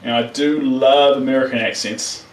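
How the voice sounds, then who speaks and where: A man's voice: mid-range voice, steady tone, normal speed, recorded from a distance. Chatty Kiwi man in roomy studio. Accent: New Zealand. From New Zealand. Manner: chatty, talks to viewers, trails off while working. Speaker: artist streaming live. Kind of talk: casual live-stream chat while painting. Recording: roomy, mic set back from speaker.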